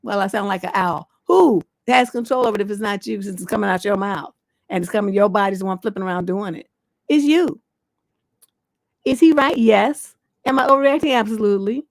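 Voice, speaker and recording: A woman with a medium-pitched, slightly fast, creaky voice hosts a live relationship advice show, reading letters and answering them bluntly, scoldingly, and with profanity. She is a relationship coach and livestream host, and the recording is dry.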